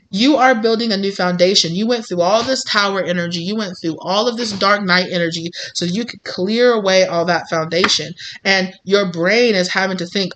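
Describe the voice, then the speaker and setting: Woman, tarot reader, casual, encouraging, repetitive, informal, mid-pitched. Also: a bit bright.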